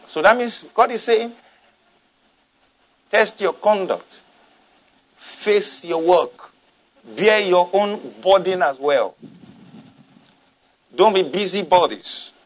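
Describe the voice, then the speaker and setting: Male pastor, high-pitched and swinging in pitch, emphatic sermon delivery with repetition. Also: fairly bright tone. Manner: emphatic preaching, repeating and asking the congregation to respond.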